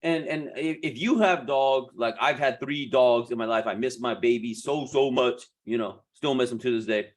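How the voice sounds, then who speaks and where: A man coaching beauty professionals in a casual, animated way, laughing often and restarting his sentences. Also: medium pitch, moderate pace, hardly any pauses.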